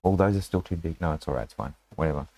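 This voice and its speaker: A man's voice: sits low, rapid-fire, warm tone, no echo. A man running a tabletop game as game master, in a rambling, casual way full of fillers and restarts.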